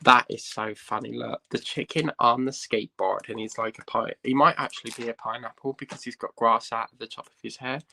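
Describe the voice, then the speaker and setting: A man's voice: medium pitch, steady tone, a little fast, gravelly, few pauses, pushed and bright. A man hosting a casual unboxing vlog, chatting and thinking aloud with lots of "right" and "um". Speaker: host.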